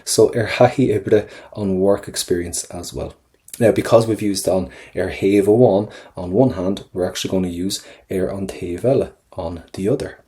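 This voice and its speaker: A low-voiced Irish woman tutor who breaks phrases down slowly. Her tone is mellow and relaxed. She says each word, gives its meaning and repeats it. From Ireland. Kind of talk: explaining vocabulary step by step.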